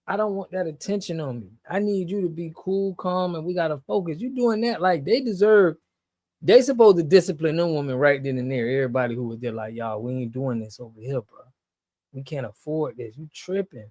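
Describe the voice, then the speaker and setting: A man with a fairly high voice rants through a reaction video in loose slang, jumping from loud outbursts to low mutters. The sound is dry and close, with no room around him. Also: no room sound. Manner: animated, slangy, swings between loud and muttered. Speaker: reaction channel host. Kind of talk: casual reaction commentary.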